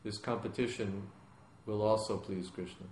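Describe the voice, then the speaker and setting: A man teaching a question-and-answer class, explaining calmly in plain words with rising emphasis. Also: fairly low pitch, moderate pace. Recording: echoey room with background noise.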